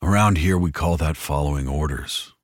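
A man voicing a gruff, impatient military colonel who speaks flatly and growls his words. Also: extremely low pitch, moderate pace, no echo, studio quality. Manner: growled, flat, stone-faced.

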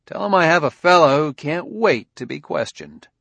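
A man voicing a shrewd male detective who presses a suspect in a firm, measured, needling way. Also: fairly high pitch, animated, vocal fry, a bit bright, no room sound, dull audio, pitched above the performer's own voice, full character voice.

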